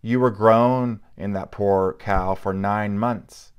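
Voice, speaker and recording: A man's voice: on the low side, fairly even intonation, slow, clean tone, dull audio. A man doing a drunk, roaring bodyguard. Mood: bitter. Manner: roaring, slurred outbursts.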